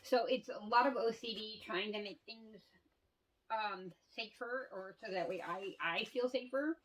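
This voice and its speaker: A woman's voice: mid-range voice, unhurried, far from the mic, slight background noise, poor audio. A woman telling stories in a candid casual monologue, swearing freely and laughing often. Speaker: vlogger.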